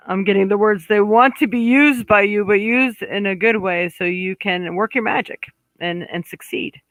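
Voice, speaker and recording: A man's voice: high voice, no echo, low-quality recording. A man giving a chatty monthly horoscope card reading, talking straight to viewers and to spirit, with many fillers and restarts. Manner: chatty, warm asides, talks to spirit aloud. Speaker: psychic card reader.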